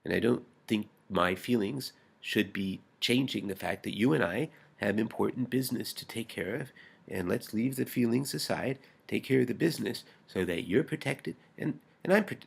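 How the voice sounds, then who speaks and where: A man's voice: mid-range voice, creaky, slightly rough. A man recording a rambling, intense personal video message, swearing and restarting often and often dropping to a whisper.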